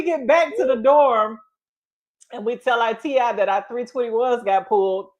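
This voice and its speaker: A middle-aged woman telling stories in a casual chat, animated, often laughing and acting out quotes. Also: a little high, moderate pace, dull audio. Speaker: guest storyteller.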